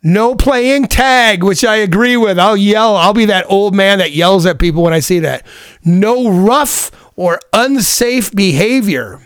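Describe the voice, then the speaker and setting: A man's voice: high-pitched, lively intonation, unhurried, no room sound, studio quality. A middle-aged man reading out roller rink rules in a casual, joking monologue, adding sarcastic asides. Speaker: roller skating vlogger.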